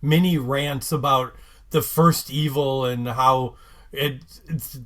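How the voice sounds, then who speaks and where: A man co-hosting a podcast, talking in a measured, wry way in casual recap chat. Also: mid-range voice, steady tone, a bit bright. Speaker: podcast co-host.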